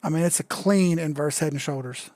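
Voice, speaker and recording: A man's voice: fairly high pitch, fairly quick, a little mellow, no echo. Tipsy, joking man on a live stream. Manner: loose, joking, profane, says he is drunk. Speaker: crypto chart analyst streamer. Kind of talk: casual live-stream commentary.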